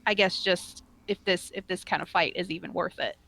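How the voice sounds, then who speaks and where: Hesitant woman player with a gravelly voice. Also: lowish voice, fairly quick, a bit bright. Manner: hesitant, thoughtful. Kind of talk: tabletop game play.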